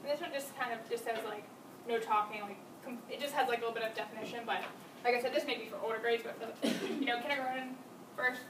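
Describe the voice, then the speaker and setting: Fast-talking young woman, echoey classroom. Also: on the high side, fairly even intonation. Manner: casual, lots of fillers. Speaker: student presenter. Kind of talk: class presentation. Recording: echoey room, mic far off, noisy.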